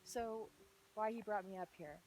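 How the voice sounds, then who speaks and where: A young woman talking earnestly outdoors on a hilltop in the rain, sharing a devotional message in a rambling, filler-heavy way and often dropping into excited whispers. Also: mid-range voice, moderate pace, poor audio. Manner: breaks into excited whispers and laughter. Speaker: faith vlogger. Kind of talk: casual devotional talk.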